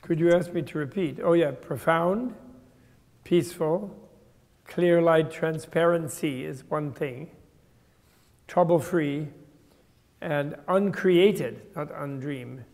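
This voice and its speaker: An older man lectures on translation, his voice slightly high and gravelly. He explains at length, correcting himself mid-sentence. The sound carries a long hall reverb. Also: takes it slowly, long pauses, darkish tone. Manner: thoughtful, explanatory, with restarts. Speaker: Buddhist teacher. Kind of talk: lecture to a class.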